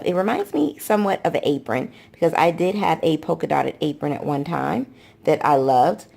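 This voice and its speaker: A woman's voice: fairly low pitch, gravelly, darkish tone. A woman chatting casually through a product walkthrough, gushing and often repeating how much she loves things. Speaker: planner vlogger.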